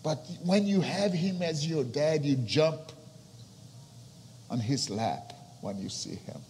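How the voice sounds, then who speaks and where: Man, young pastor, sermon, fairly high voice, long hall reverb, swings between hushed and soaring. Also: expressive, slow pace, a little hiss or hum. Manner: emotional preaching that swings from soft, near-whispered lines to loud, soaring passages. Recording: long reverb of a large hall with faint ambience.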